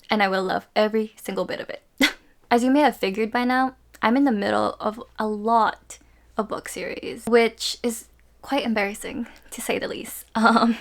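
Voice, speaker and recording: A woman's voice: medium pitch, creaky. Gushing woman reviewing books. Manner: gushing, playful and expressive, laughs often. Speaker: book reviewer. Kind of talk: casual chatty book review vlog.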